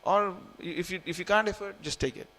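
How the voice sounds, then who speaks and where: High, brisk, pushed and bright, this is a man in his forties who comes from India. As a temple speaker, he gives a loose, humorous scripture class in the hall, saying phrases again and again and encouraging the audience.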